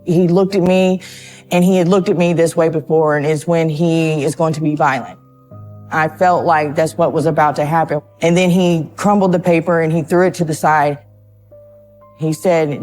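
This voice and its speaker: A nervous woman speaks in a slightly low voice during a documentary interview. Her speech is halting and hesitant, and she often stops to repeat words. Faint music plays underneath. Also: fairly even intonation, darkish tone. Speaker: interviewee in a true crime documentary. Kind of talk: emotional interview testimony.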